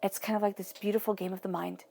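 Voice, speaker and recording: A woman's voice: mid-range voice, flat delivery, fast talker, vocal fry, warm tone. A woman giving a tarot reading, talking earnestly and directly to the viewer in a casual, conversational way. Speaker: tarot reader.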